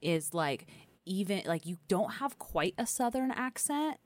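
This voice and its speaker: A woman's voice: mid-range voice, very animated, unhurried, dry recording. A woman from the United States co-hosting a podcast, rambling in casual chat with many restarts and fillers. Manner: rambling, self-correcting, many "like"s. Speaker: podcast co-host. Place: radio studio.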